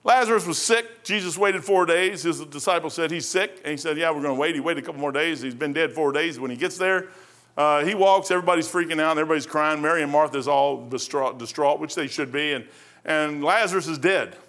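A man's voice: a little high, a little fast, a bit bright. A middle-aged male pastor preaching a sermon in a rambling, folksy storytelling way, with frequent restarts.

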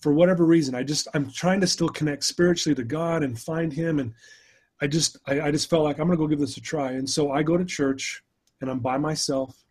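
A man's voice: on the high side, steady tone, brisk, darkish tone, husky. A middle-aged man, a podcast guest, telling a personal story in an earnest, emotional way, often restarting his sentences.

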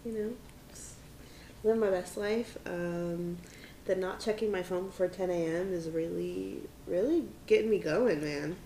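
Gravelly co-host woman, laughing and teasing. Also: fairly low pitch, moderate pace, warm tone, reverberant, slight background noise. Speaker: podcast co-host. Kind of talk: casual chat.

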